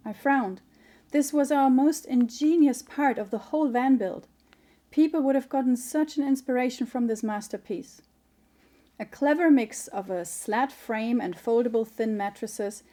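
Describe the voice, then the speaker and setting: Author-narrator, middle-aged woman, mellow and slightly high, calm measured audiobook read. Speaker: author reading her memoir.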